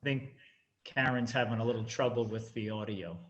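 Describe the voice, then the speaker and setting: An older retired man introducing himself on a video call in a relaxed, easygoing way. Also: lowish voice, brisk. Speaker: meeting participant. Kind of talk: casual self-introduction. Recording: muffled video call audio.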